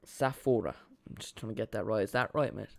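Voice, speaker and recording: In a dry recording, this young man from Ireland speaks briskly in a lowish, creaky voice. He chats casually over a football watchalong he's streaming from home, rambling and often restarting his sentences.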